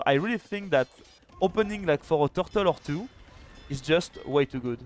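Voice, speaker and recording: A man casting a live strategy game match, chatty and excitable, with quick restarts. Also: fairly high pitch, slight background noise. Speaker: esports caster and streamer. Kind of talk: live video game commentary.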